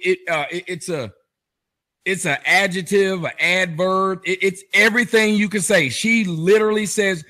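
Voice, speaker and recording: A man's voice: high voice, sharp tone. A man hosting a commentary show, mocking the clips he plays in a sarcastic, sing-song teasing way. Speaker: commentary host.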